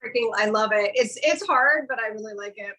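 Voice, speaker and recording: A woman in easy conversation on a podcast. She speaks in long, relaxed runs, one thought leading into the next. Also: fairly high pitch, a little fast, a little hiss or hum, low-quality recording. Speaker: podcast co-host, Reiki practitioner. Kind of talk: casual chat.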